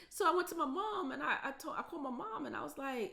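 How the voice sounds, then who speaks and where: A woman's voice: high-pitched, lively intonation, fast, vocal fry, few pauses, fairly bright tone. Emotional woman, voice cracking with tears. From United States. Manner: emotional, repetitive, emphatic. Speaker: vlogger. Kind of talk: casual storytime vlog.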